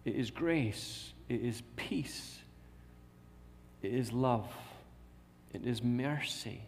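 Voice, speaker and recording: A man's voice: medium pitch, drawn-out words, creaky, pauses often. A man preaching a sermon in a church, repeating key phrases and asking rhetorical questions. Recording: long reverb of a large hall.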